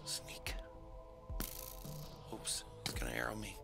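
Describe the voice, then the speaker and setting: A man's voice: on the low side, expressive, slow pace, vocal fry, over loud music. A man playing a video game and commenting as he goes, taunting and cursing at his opponents, often in a muttered half-whisper. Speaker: gamer. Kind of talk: gameplay commentary.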